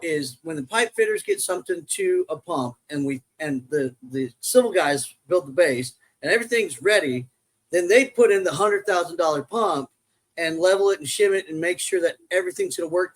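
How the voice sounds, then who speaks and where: Rambling, high-voiced middle-aged man. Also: sing-song, moderate pace, rough recording. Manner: rambling, jokey storyteller who acts out quoted voices. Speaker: podcast guest, construction safety worker. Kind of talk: casual storytelling chat.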